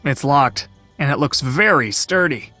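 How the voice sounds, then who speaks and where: A woman's voice: very deep voice, lively intonation, unhurried, pushed and bright, no echo, faint music behind, heavily acted. A voice actor playing a sarcastic young male time traveler, casual and wisecracking. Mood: wry. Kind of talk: video game voice acting.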